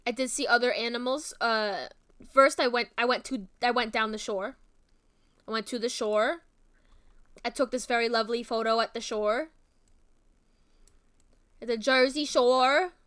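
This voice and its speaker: A woman's voice: fairly high pitch, steady tone, measured pace, pauses often, a bit bright. A young woman streamer gushing and rambling with fillers in casual stream chat.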